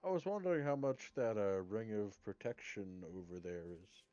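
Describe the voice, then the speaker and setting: Man, player, low pitch, direct questioning manner, dry room, muffled lo-fi mic. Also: big pitch swings, moderate pace, mellow, no room sound. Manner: questioning, to the point.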